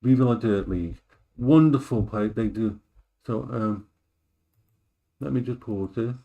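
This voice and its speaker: A man's voice: fairly low pitch, a little slow, phone-quality sound. A man streaming live while he cooks, chatting casually, rambling and repeating himself as he moves around the kitchen.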